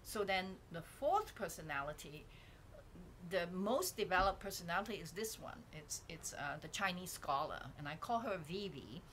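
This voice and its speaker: A woman vlogger thinks aloud in a candid, rambling way, often restarting her sentences. Her voice sits a little low but comes across bright and forceful. She speaks into a proper microphone indoors, with faint noise underneath. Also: big pitch swings, moderate pace. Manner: rambling, candid and self-reflective, with frequent restarts. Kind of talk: casual talking-head reflection. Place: indoors at home, painting behind her. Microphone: dedicated microphone.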